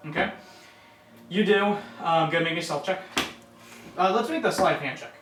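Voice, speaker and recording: Casual game master, chatty narration, mid pitch; far mic in an echoey room. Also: moderate pace, noisy background. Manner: loose, chatty narration with fillers and laughs.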